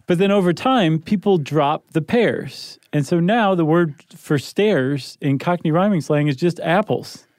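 A man's voice: fairly high pitch, lively intonation, measured pace, few pauses, darkish tone, no room sound, studio quality. An American man co-hosting a podcast, explaining in a playful, jokey way. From United States. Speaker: podcast co-host. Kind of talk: casual chat.

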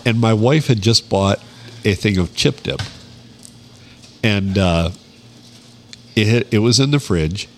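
A man's voice: fairly low pitch, takes it slowly, long pauses, a little hiss or hum. A man co-hosting a podcast, making dry jokes in laid-back banter. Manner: laid-back, dry joking, laughs often. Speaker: podcast co-host. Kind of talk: casual banter.

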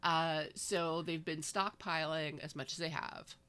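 A woman's voice: deep voice, fairly even intonation, a little slow, sharp tone, smooth. A woman recapping a book in casual chat, with wry, sarcastic asides. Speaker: podcast co-host.

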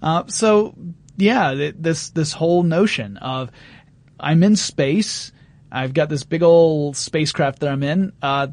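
A man's voice: a little high, darkish tone, no echo. A man hosting a podcast in casual chat, steering the talk and laughing often. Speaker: podcast host.

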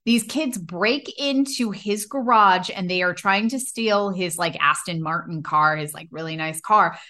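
A woman's voice: on the low side, unhurried, sharp tone. Enthusiastic woman podcast co-host. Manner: enthusiastic, swearing freely. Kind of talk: casual chat.

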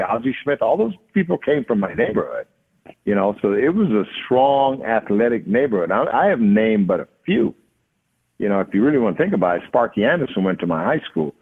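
A man with a Jamaican accent, a guest in a casual interview, telling stories in a relaxed way with many fillers. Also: on the low side, breathy edge. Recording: phone-line audio.

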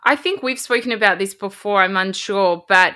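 A woman's voice: mid-range voice, normal speed, bright, forceful tone. A woman with an Australian accent, a podcast host being interviewed over a video call, speaking in an enthusiastic, heartfelt way. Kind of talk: casual interview chat.

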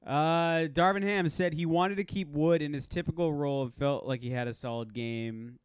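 A man co-hosting a casual sports podcast. He talks in an animated way, laughs often and trails off with fillers. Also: a little high, moderate pace, clean tone, no echo, studio quality. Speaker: podcast co-host.

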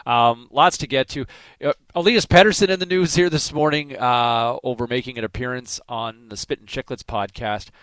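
A man's voice: mid-range voice, normal speed, a bit bright, no room sound. A man with a mid-range voice hosting a morning radio show. He rambles through his story, full of fillers and restarts. He is recorded close and dry in the studio. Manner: rambling, with many fillers and restarts, gets worked up. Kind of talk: casual storytelling chat.

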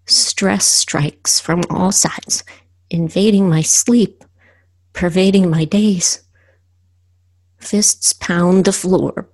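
A woman podcast host reading her own poems aloud in a slow, earnest way with pauses. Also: on the low side, slightly rough.

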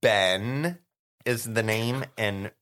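A man's voice: medium pitch, very animated, moderate pace, sharp tone. A man with a Southern US accent co-hosting a podcast in casual chat, cracking jokes in a dry way. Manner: dry, joking delivery. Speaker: podcast co-host.

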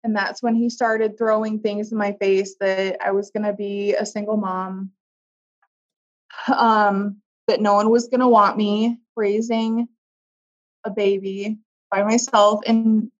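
A woman tells her own story as an interview guest, candid and emotional, pausing and restarting as she searches for words. Her voice sits at an ordinary pitch. The recording sounds slightly dull and lo-fi. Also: flat delivery. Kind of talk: personal storytelling in conversation. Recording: dull lo-fi audio.

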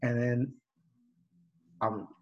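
A man's voice: mid-range voice, fairly even intonation, very slow, dull audio. Rambling casual male podcast host. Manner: rambling, many restarts and fillers, swears.

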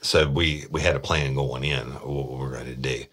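A middle-aged man with an extremely deep, husky voice. He tells a true-crime story from his police days in a casual, blunt way, with the odd curse. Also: fairly even intonation, normal speed, a bit bright. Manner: blunt, plain-spoken, swears freely. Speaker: podcast host, former police detective.

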